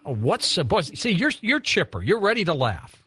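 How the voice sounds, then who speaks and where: A man hosting a late-night call-in radio show, talking in a relaxed, conversational way. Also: high voice, normal speed, husky. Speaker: radio talk show host.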